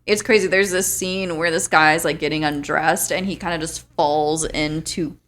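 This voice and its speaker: A woman's voice: low voice, fairly even intonation, normal speed, fairly bright tone. A woman co-hosting a movie podcast, chatting casually, laughing often and swearing freely. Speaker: podcast co-host. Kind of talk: casual movie review chat.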